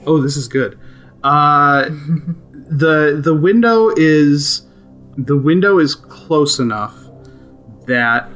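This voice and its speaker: A man running a tabletop game as game master, narrating in a relaxed, amused way with many fillers. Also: on the high side.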